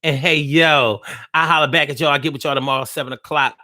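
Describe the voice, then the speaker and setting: A man's voice: fairly high pitch, steady tone, quick pace, sharp tone, no room sound, studio quality. A man hosting a live show, ranting casually in loose slang with lots of profanity and teasing his listeners directly. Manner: teasing, talks straight to listeners. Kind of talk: casual live-stream talk.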